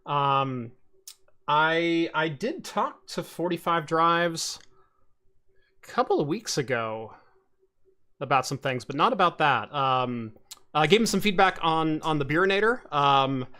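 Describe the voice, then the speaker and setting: Man, podcast host, casual tech chat, bright forceful voice, rambling, lots of fillers. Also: on the high side, a little slow. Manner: rambling, many fillers and restarts, animated storytelling.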